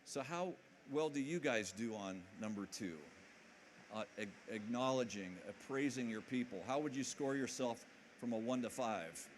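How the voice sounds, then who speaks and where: A man with a middle-pitched voice gives an energetic motivational talk at a conference, joking and checking in with the crowd. A faint hiss sits under his voice. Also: moderate pace. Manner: energetic, jokey, keeps asking the audience questions. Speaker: conference speaker. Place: conference hall with live audience.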